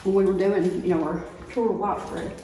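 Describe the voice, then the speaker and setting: A woman with a Southern US accent telling her ghost encounter in a rambling, animated way, often laughing, as she guides a tour of an old hospital. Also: lowish voice, normal speed, recorded from a distance. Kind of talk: casual storytelling. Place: large old hospital building, indoors. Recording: echoey hallway, away from mic, faint noise.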